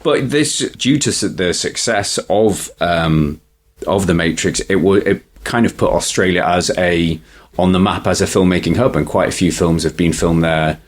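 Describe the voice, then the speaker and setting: A man's voice: deep voice, normal speed. A man co-hosting a casual film podcast, explaining trivia in a rambling way with many restarts. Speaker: podcast co-host.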